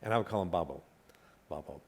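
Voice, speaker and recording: His voice is low-pitched and fast, with vocal fry and a breathy edge. A middle-aged comedian guest, he's telling stories onstage at a live talk event, acting out quotes and laughing at his own jokes.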